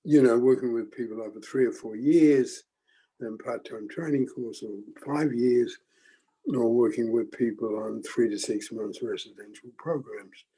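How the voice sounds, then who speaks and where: An older man talks slowly and thoughtfully to a group, with frequent pauses and restarts. His voice is gravelly and husky, with a dark, mellow tone. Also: mid-range voice, rough recording. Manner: slow, halting, with many ums and restarts. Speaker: teacher leading a forum. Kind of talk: reflective group teaching talk.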